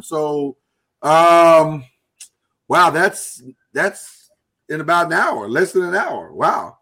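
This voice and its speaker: A man's voice: fairly high pitch, animated, bright, forceful tone. Earnest man hosting a live show. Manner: earnest, halting, with many restarts. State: holding back emotion. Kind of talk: casual live-stream talk.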